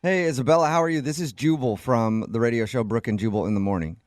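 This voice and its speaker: A man's voice: medium pitch, quick pace, no room sound, clean studio sound. A man hosting a morning radio show, teasing and laughing with a caller. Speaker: radio host. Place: radio studio.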